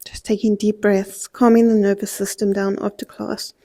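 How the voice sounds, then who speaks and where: A woman's voice: medium pitch, level tone, normal speed, dark tone. A young woman leading a pilates class with short exercise cues and countdowns. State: out of breath. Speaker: pilates instructor. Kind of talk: cueing a workout class.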